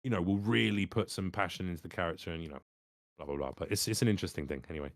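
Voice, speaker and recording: Man, voice actor, podcast guest, animated storyteller, casual swearing, dry sound. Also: low-pitched, racing, no echo. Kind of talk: casual chat.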